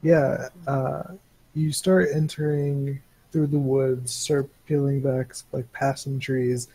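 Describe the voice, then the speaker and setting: A man narrating a tabletop game as game master, in a slow, halting way with many fillers. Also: medium pitch, little pitch movement, mellow, breathy edge, rough recording.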